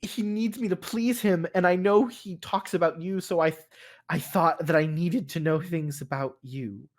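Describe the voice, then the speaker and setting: A man voicing a frightened young noble wife under a spell, pleading for help in halting, stammering phrases. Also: a little high, close to an everyday voice. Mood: confused.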